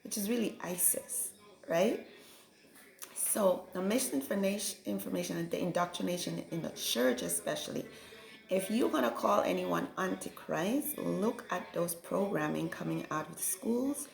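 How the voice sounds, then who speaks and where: A woman's voice: lowish voice, normal speed, creaky. A woman giving a reflective, preachy spiritual monologue and often checking in with "right?". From Caribbean. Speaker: spiritual vlogger. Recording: echoey room with faint music.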